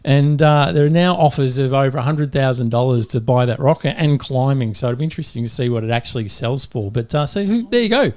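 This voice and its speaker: A man's voice: medium pitch, brisk, hardly any pauses, darkish tone. A man with an Australian accent hosting a podcast, chatty and upbeat, laughing easily. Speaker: podcast host. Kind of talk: casual chat.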